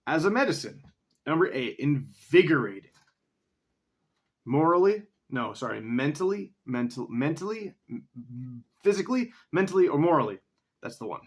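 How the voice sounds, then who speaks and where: A man's voice: mid-range voice, expressive, normal speed, husky. A man talking casually to himself in a solo vlog, rambling as he reads definitions aloud and swears now and then. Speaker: vlogger.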